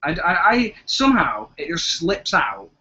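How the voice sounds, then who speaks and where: A young Englishman chats casually on a live stream, rambling with plenty of hesitations and a loose tongue for swearing. His voice sits a bit high and sounds bright and forward. The audio is dull and lo-fi, like a basic webcam mic. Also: huge pitch swings, moderate pace, husky. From England. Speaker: co-host of a live chat. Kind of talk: casual chat.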